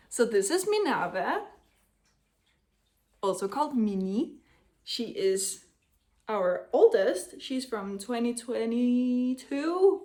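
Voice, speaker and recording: A woman's voice: on the high side, big pitch swings, slow pace, pauses often, mellow. Chatty, blunt young woman vlogger. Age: 20s. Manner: chatty, blunt and swearing, addressing her younger self. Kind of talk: casual chat to camera.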